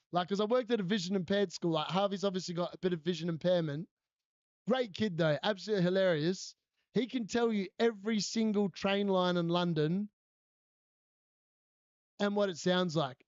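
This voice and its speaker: A man talks casually on a live stream, laughing often as he tells stories and answers viewers. His voice sits high and comes through dry and close. The audio is slightly dull and lo-fi. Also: moderate pace, a little mellow, no echo. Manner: chatty storyteller, laughs often, answers chat. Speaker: fantasy football streamer.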